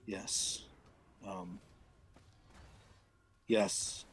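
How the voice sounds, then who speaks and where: A man's voice: fairly low pitch, a little slow, long pauses, husky, low-quality recording. A young man chatting on a stream, rambling in a crude, mock-serious way. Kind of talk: casual stream chat.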